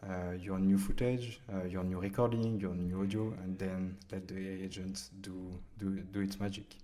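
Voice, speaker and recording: A man giving an unscripted walkthrough of a software tool, talking in a halting way with frequent "uh" fillers and restarts. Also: low-pitched, little pitch movement. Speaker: presenter demonstrating a video-editing AI tool.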